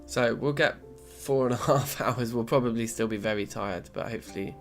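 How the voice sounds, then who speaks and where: A man's voice: mid-range voice, fairly quick, faint music behind. A man narrating his game session as a let's play host, chatty and self-mocking, thinking aloud as he plays. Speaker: gaming channel host.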